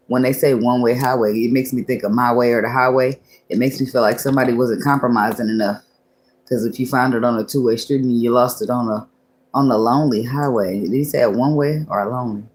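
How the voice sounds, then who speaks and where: A woman's voice: extremely low pitch, darkish tone. A woman giving a casual tarot reading, talking loosely, laughing often and cursing freely as she thinks aloud. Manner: muses aloud, often restarting thoughts. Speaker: tarot reader.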